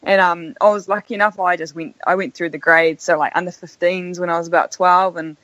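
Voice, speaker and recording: A woman with a New Zealand accent, a sports captain talking casually as a podcast guest, laid-back and quick to laugh. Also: on the low side, steady tone, fairly bright tone, no echo, poor audio.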